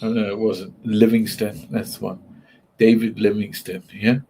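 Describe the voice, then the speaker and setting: A man from South Africa calling in, hesitant and halting as he searches for words. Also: fairly low pitch, flat delivery, vocal fry, mellow, slight background noise. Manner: hesitant, many uh fillers, restarts. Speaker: caller. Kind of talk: casual group chat.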